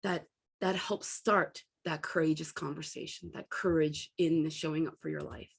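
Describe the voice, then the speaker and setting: A woman's voice: deep voice, moderate pace, vocal fry, slightly rough. A middle-aged woman giving a candid self-help talk as a coach, telling personal stories and acting out what people said. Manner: candid, storytelling, animated quoting.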